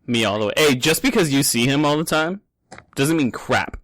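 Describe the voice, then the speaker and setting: Lively joking man podcaster. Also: medium pitch, normal speed, no room sound, clean studio sound. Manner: joking, teasing, laughs often. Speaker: podcast co-host. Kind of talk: casual chat among friends.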